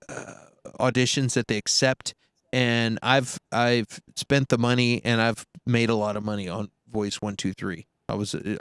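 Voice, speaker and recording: A man's voice: on the low side, fairly bright tone, clean tone, no echo, studio quality. A man who works as a voice actor, chatting casually and telling stories with lots of restarts. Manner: rambling storyteller, many restarts, slips into voices. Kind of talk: casual chat.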